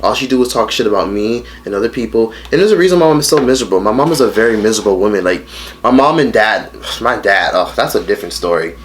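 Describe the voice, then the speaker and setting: A man's voice: fairly low pitch, lively intonation, fast talker, a little hiss or hum. A man in his late teens telling a story in a casual mukbang vlog, blunt and profane, rambling with lots of fillers. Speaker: vlogger.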